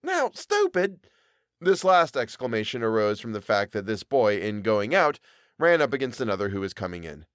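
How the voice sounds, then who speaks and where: A man narrating an old serial story aloud in a measured, dramatic way. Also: on the low side, expressive, smooth, dry recording, studio quality. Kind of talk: reading a Victorian serial aloud.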